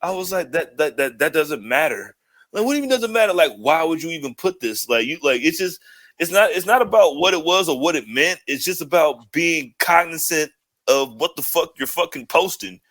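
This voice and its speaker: Brief: male co-host, higher-pitched bright voice, rambling, profane, animated rant. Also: brisk. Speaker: podcast co-host. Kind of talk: casual wrestling chat.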